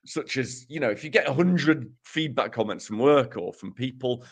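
Wry, animated man hosting a podcast. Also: mid-range voice, normal speed, vocal fry, husky. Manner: wry, self-mocking, joking asides. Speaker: podcast co-host presenting research. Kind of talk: casual podcast chat.

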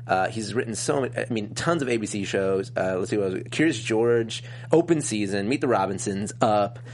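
A man's voice: fairly low pitch, fairly quick, slight background noise. A man hosting a casual podcast chat, rambling and cracking dad jokes. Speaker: podcast host.

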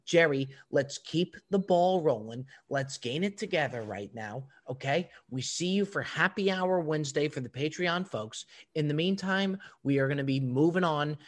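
A man co-hosting a podcast, telling a story to his co-host in an animated, profane way. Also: a little high, normal speed, few pauses. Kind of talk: casual storytelling chat.

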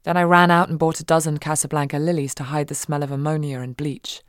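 A woman reading a first-person audiobook in a wry, expressive way, swinging between giddy and hushed. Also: deep voice, quick pace, dry recording, studio quality. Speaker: audiobook narrator.

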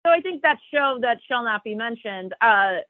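A woman's voice: fairly high pitch, animated, normal speed, no room sound. A woman on a podcast telling a personal story in a thoughtful way. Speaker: podcast participant. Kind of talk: casual podcast chat. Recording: phone-like call audio.

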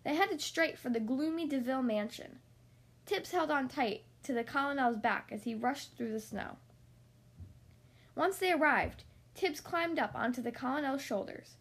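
A woman reading a children's storybook aloud in a gentle, expressive manner. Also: high voice, normal speed.

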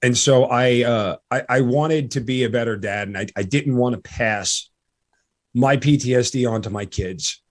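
A man hosting a podcast in a halting, earnest way, full of restarts, and audibly emotional. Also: mid-range voice. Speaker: podcast host. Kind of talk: casual interview chat.

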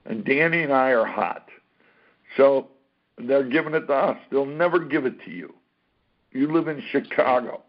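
A man telling a career story as an interview guest, animated, acting out what people said and swearing freely. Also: mid-range voice, moderate pace, pauses often. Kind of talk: casual anecdote-telling. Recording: dull lo-fi recording.

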